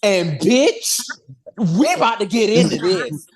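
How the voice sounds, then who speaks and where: A man co-hosting a podcast in an excited casual chat, gushing, swearing a lot and repeating himself. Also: high voice, slow, a crowd in the background. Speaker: podcast co-host.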